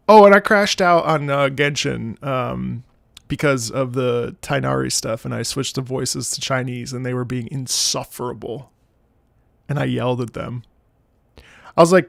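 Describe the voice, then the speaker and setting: A man streaming casually, rambling in quick asides, swearing freely and laughing loudly. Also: medium pitch, vocal fry, no room sound. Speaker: streamer reacting to music.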